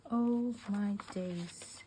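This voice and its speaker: Woman vlogger, teary and gushing, slow delivery, drifts into whispers, faint hiss. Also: mid-range voice. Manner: gushing, emotional, often dropping to a soft whisper. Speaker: craft vlogger. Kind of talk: casual unboxing chat.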